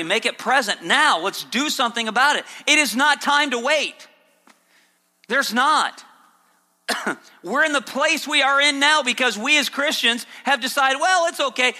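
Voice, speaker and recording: Male pastor, high sharp voice, sermon with sarcastic mock quotes. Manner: preaching, swings between low earnest and high sarcastic mock quotes. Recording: long hall reverb.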